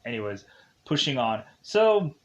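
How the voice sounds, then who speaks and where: A man's voice: mid-range voice, big pitch swings, a little slow. A man casually recapping a film as a reviewer, rambling with lots of fillers and restarts and laughing at his own tangents. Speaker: movie reviewer.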